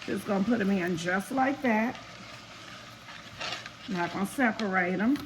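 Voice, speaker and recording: A woman's voice: medium pitch, a little slow, background noise. A woman hosting a casual home cooking video, chatting straight to her viewers as she cooks. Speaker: cooking vlogger. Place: home kitchen.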